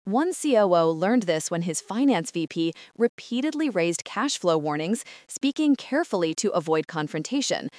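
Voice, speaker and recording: A woman's voice: medium pitch, darkish tone, dry recording, clean studio sound. A woman giving polished, emphatic scripted narration as an explainer.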